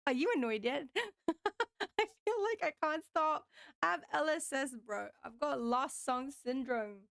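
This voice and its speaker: A woman's voice: sits high, expressive, unhurried, vocal fry, fairly bright tone, no echo. A British woman streaming live gameplay, playful and exclamatory, laughing often as she chats to viewers.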